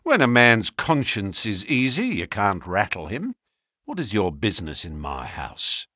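A man reading an audiobook, voicing an unctuous, smooth-talking middle-aged male villain. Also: on the low side, wildly swooping pitch, measured pace, sharp tone, dry recording, studio quality, full character voice.

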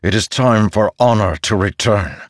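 A man's voice: lowish voice, normal speed, no echo, clean studio sound, pitched above the performer's own voice, lightly acted. A man voicing a determined older male warlord in an audiobook, firm and resolute.

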